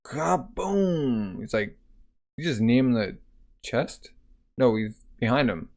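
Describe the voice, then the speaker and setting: A man's voice: mid-range voice, takes it slowly. A man reading a manga aloud in a loose, conversational way, narrating the panels with lots of fillers. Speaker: manga reader. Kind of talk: casual manga read-aloud.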